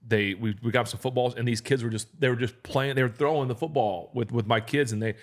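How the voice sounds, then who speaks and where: A man's voice: mid-range voice, fairly even intonation, quick pace. A man in his thirties hosting a casual podcast chat, talking earnestly with frequent restarts and fillers. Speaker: podcast host.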